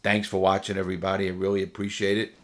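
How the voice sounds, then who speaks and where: A man's voice: sits low, completely flat delivery, fast talker, fairly bright tone. A man, a former prisoner, casually telling his own story to camera, rambling and repeating phrases for emphasis.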